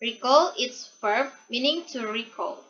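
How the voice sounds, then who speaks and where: Slow, bright-voiced young woman student. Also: on the high side. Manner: reads a prepared script haltingly, with repeated restarts. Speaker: student presenter. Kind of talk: read-aloud class presentation. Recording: dull lo-fi recording.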